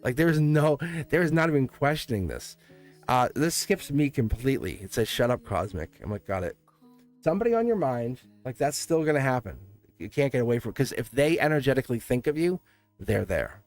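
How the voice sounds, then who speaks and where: A man's voice: mid-range voice, very animated, fairly quick, a little mellow, soft background music. A man hosting a live-stream tarot reading, chatty and laughing often as he answers his live chat. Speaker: tarot reader.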